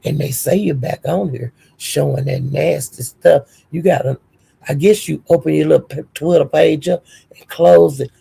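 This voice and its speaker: A woman hosting a livestream and telling a story as a heated rant, profane and scolding, with animated storytelling. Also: low-pitched, moderate pace, vocal fry, slightly rough. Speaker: livestream host.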